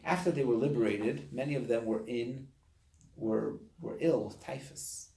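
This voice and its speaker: Echoey gravelly man teaching a class. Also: medium pitch, a little slow. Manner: animated, acts out voices of people. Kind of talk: lesson to a study group.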